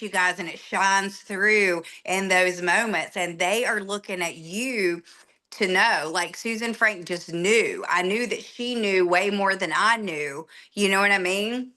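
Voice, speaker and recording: A woman coaching a sales team, emphatic and animated, acting out little quoted exchanges. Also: medium pitch, a little slow. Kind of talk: enthusiastic coaching talk.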